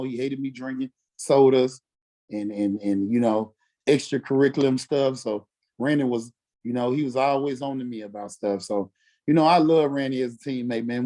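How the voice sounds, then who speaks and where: A former football player from Mississippi, telling stories casually and acting out quotes with lots of "you know what I'm saying". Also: male voice, medium pitch, brisk, mellow. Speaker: former NFL fullback, podcast guest. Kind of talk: casual storytelling interview.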